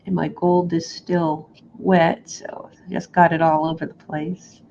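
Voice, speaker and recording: A woman's voice: low-pitched, little pitch movement, a little slow, gravelly, dark tone, lo-fi sound, slight background noise. A woman co-hosting a crafting session, chatting casually and chuckling between remarks. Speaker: crafting co-host. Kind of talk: casual chat while crafting.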